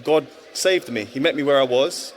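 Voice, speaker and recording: A man in his thirties, once a footballer, speaks as a guest at a live stage interview, giving testimony in an earnest, reflective manner and often restarting his sentences. His voice is medium in pitch and moderately paced, with slight background noise.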